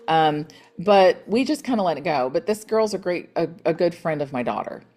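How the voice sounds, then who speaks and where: A middle-aged woman hosting a motivational real estate team call, chatty and encouraging, retelling conversations with lively quoted voices. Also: fairly low pitch, moderate pace, faint music behind.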